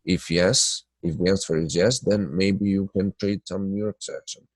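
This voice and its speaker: A man with a low, nasal voice, stuffed up by his sinuses, hosts a live trading webinar. He talks loosely with lots of fillers and breaks off to greet viewers by name. The sound is dry and close to the mic. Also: fairly even intonation, moderate pace, dry recording. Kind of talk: live webinar chat and chart analysis.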